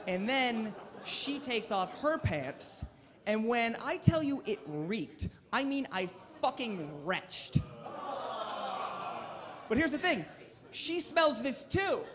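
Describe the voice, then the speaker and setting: A man in his twenties performing a deadpan, self-deprecating stand-up set on a comedy club stage into a handheld mic. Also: very high voice, slow pace, long pauses, crowd noise.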